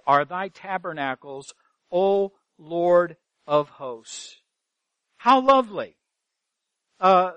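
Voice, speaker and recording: Male pastor, high voice, dry recording, earnest sermon with rhetorical questions. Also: a bit bright, no room sound. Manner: earnest preaching, rhetorical questions, repeats phrases for emphasis. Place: church sanctuary.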